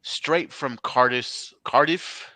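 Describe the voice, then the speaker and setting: Podcast guy riffing on wrestling picks, bright tone, swears a lot, joking around. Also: mid-range voice, slow, no room sound. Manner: rambling, joking, swears casually. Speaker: podcast co-host. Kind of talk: casual wrestling podcast chat.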